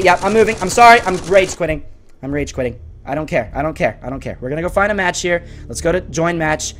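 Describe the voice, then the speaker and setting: A gaming channel host giving live gameplay commentary, swinging between frantic yelling and low muttering, talking to the viewers and to enemy players.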